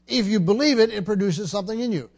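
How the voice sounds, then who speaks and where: A man's voice: high-pitched, fast talker. A man preaching a sermon, emphatic and teaching, often repeating words and asking the congregation questions.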